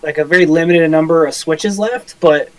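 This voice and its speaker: A man's voice: fairly high pitch, normal speed, no room sound, low-quality recording. A man co-hosting a podcast in casual chat, rambling and swearing, with lots of filler words. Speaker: podcast co-host.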